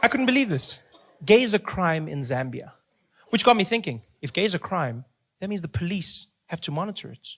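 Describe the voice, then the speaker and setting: A man with a South African accent doing stand-up, telling animated stories and acting out the people in them. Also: sits high, fairly quick. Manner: animated storytelling with acted-out voices and laughter. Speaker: stand-up comedian. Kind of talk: stand-up comedy.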